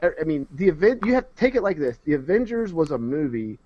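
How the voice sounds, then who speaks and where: A man's voice: on the high side, sing-song, fast, darkish tone, no room sound. A man co-hosting a casual podcast who talks bluntly and swears freely. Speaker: podcast co-host. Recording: dull, lo-fi sound.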